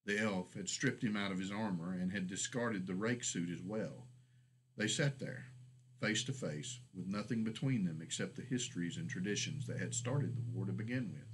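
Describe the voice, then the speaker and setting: A man reading his own fantasy short story aloud in a steady, measured storybook narration. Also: deep voice, a little hiss or hum, low-quality recording.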